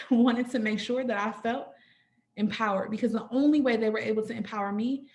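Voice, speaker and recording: Speaking at a normal speed with a voice on the higher side, a young woman narrates a personal tale for a sorority orientation crowd. She's lively, frequently stops to ask "right?", and keeps calling them "y'all," with the sound bouncing around an echoey room.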